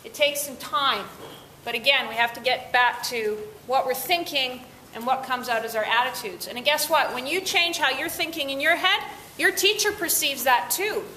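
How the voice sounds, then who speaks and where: Bright-voiced woman teaching a teen class. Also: high voice, normal speed. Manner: upbeat, asks the class questions. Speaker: workshop presenter. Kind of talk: interactive talk to teens. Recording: echoey room, faint noise.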